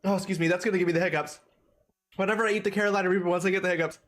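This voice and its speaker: A man streaming a video game, chatting casually with animated, rambling asides. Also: high-pitched, rapid-fire.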